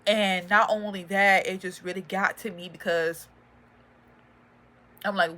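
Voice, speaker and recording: A young woman giving a personal testimony, earnest and halting with many fillers and restarts, audibly emotional. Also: medium pitch, fairly even intonation, sharp tone. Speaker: faith and motivation vlogger.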